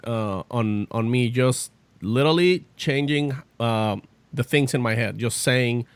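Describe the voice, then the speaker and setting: A man's voice: mid-range voice, unhurried, clear, resonant tone, no room sound. A man co-hosting a podcast, talking animatedly with plenty of fillers. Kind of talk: casual podcast chat.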